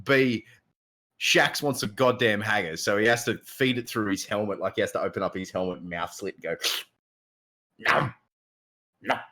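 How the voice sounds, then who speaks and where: A man with an Australian accent co-hosting a gaming podcast, animated, acting out scenes and reading chat aloud. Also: lowish voice, fairly quick. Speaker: podcast co-host.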